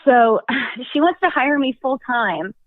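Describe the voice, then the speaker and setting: An anonymous caller phones into a confessional chat show, her high, expressive voice coming through a tinny telephone line with crowd noise behind it. She takes it slowly, nervous and laughing, full of filler words.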